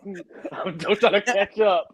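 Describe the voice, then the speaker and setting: A man's voice: sits high, steady tone, measured pace, crowd noise. A man co-hosting a podcast, heckling the others with playful crude jokes. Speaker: podcast co-host. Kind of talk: casual chat.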